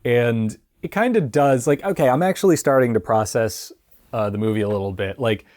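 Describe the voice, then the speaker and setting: A man's voice: medium pitch, brisk, a little mellow. A man giving a casual spoken film review, rambling and chatty with many fillers and frequent laughs.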